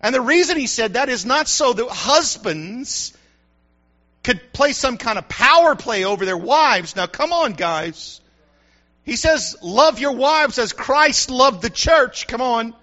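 A middle-aged pastor preaches in a high, lively voice, swinging up and down as he calls out to his congregation. His tone is bright and forceful. The recording sounds dull and lo-fi. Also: slow pace. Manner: preachy call-and-response, "come on" asides. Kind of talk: sermon.

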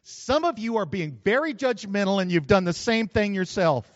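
Lively folksy preacher man. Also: high voice, moderate pace, no room sound, highs cut off. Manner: folksy, joking preacher with Southern expressions. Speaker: pastor. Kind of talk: sermon.

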